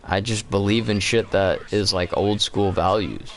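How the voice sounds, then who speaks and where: A man's voice: deep voice, unhurried. A young man co-hosting a live stream, telling rambling stories in a casual, profane chat while he plays a game. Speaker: streamer co-host.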